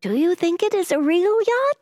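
A woman voicing a frightened young lady who pleads in a high, breathy way, in a storybook reading. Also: animated, normal speed, darkish tone, no echo, clean studio sound, in a large hall.

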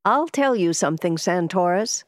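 A woman's voice: lowish voice, expressive, moderate pace, no echo, studio quality, natural voice. A woman reading the part of an ailing older man who owns a yacht, speaking courteously and a little wearily. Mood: earnest. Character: ailing older male yacht owner, polite.

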